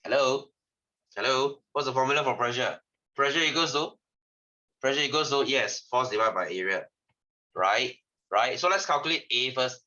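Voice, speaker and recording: A man with a Malaysian English accent teaching a science class, teasing and lively, dropping lah and ah between questions. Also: mid-range voice, normal speed, pauses often, muffled recording. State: tired, yawning. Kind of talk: online class lesson.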